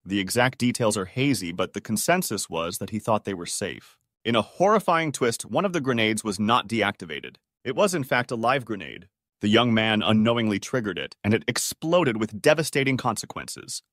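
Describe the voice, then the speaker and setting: A man reading a story aloud as a scripted narrator, with an even-paced, dramatic telling. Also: lowish voice, normal speed, no room sound, clean studio sound.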